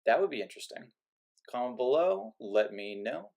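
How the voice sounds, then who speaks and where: A man's voice: mid-range voice, very animated, normal speed, gravelly, darkish tone, highs cut off. A man delivering a sarcastic, rambling movie rant to his viewers, often restarting his sentences. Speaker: movie vlogger. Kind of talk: opinionated rant to camera.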